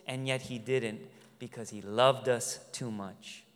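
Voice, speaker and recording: A man delivering an earnest sermon in a smooth, resonant voice. He swings from loud, emphatic lines to quiet, tender ones. His words carry a long reverb from a large hall. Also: mid-range voice, steady tone, moderate pace, few pauses. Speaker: pastor.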